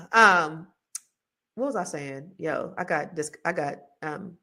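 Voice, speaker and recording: A middle-aged woman hosting a casual livestream, rambling and self-mocking between slangy asides and a sales pitch for a money course. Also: takes it slowly, vocal fry, bright, forceful tone. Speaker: host selling a money course.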